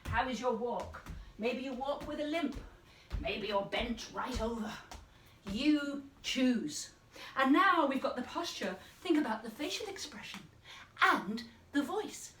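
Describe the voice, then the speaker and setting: Woman drama teacher, bright and playful, highly animated delivery; distant mic in a reverberant room. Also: unhurried. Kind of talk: children's drama lesson. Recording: roomy, distant mic, faint noise.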